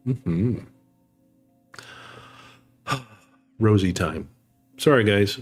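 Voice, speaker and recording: Chatty, low-voiced male streamer. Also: animated, takes it slowly, long pauses, a bit bright, husky, soft background music. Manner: chatty, laughs easily, reads and thanks chat. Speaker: live streamer. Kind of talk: casual live-stream chat while playing a game.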